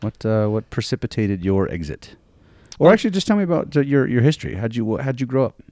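A man hosting a casual podcast who jumps in with quick reactions and questions. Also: medium pitch, very animated, warm tone, no echo, clean studio sound. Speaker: podcast host.

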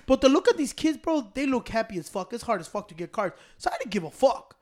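A young man spins a profane, animated story for his friends, cursing freely and laughing as he goes. His voice sits high for a man. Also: fast talker. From Hispanic American.

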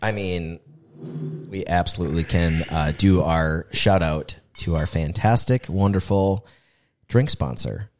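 A man's voice: deep voice, unhurried. A man hosting a podcast in casual chat, also giving an upbeat sponsor read. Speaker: podcast host.

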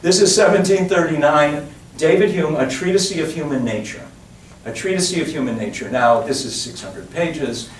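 A man's voice: fairly high pitch, normal speed. A man giving a public lecture in a digressive, chatty way, full of asides and restarts. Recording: roomy echo, distant mic, faint hiss.

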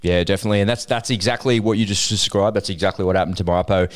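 A very low-pitched man hosting a podcast. His talk is relaxed and chatty, full of anecdotes and encouragement for small business owners. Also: racing. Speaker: podcast host. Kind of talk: casual business podcast chat.

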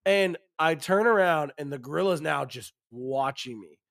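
A man's voice: on the high side, lively intonation, moderate pace, creaky, fairly bright tone. A man co-hosting a casual podcast, telling rambling, profane stories and laughing often. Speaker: podcast co-host. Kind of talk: casual chat.

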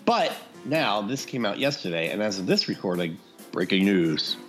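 A man with a fairly low voice co-hosts a casual podcast. He rambles through the story with plenty of fillers and asides. The talk is loose and conversational. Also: sing-song, moderate pace, fairly bright tone, soft background music. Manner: rambling, chatty, with frequent fillers. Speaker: podcast co-host.

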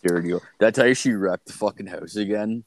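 A man's voice: on the low side, quick pace. A man co-hosting a podcast, telling a rambling, profane story in casual chat, full of "like" and "dude". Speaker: podcast co-host.

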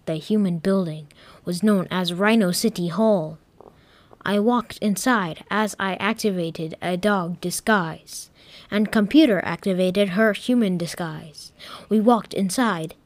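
A woman narrating a playful first-person story as a Martian visitor, dramatic and lively. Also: medium pitch, no echo.

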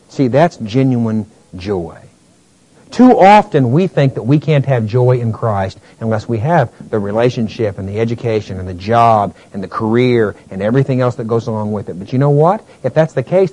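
A male pastor preaching a sermon, climbing to near-shouts and then falling to a low, slow delivery. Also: lively intonation, no room sound, rough recording.

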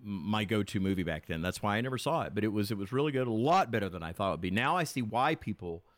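A man's voice: on the low side, expressive, fast, no room sound, clean studio sound. A man speaking as a podcast guest in casual chat, enthusiastic and talkative, often restarting his sentences. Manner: chatty, enthusiastic, with frequent restarts.

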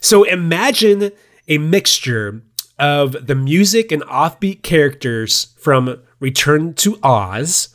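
A man's voice: a little high, expressive, slow pace, a bit bright. A man co-hosting a podcast, chatting casually and laughing often as he talks about movies. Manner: laughs often, loose and joking. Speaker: podcast co-host.

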